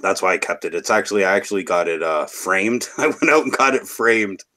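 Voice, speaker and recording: Brief: Canadian guy, low-ish voice, loose rambling chatter with lots of cursing. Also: fairly quick, pushed and bright. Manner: rambling, swears freely. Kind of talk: casual chat.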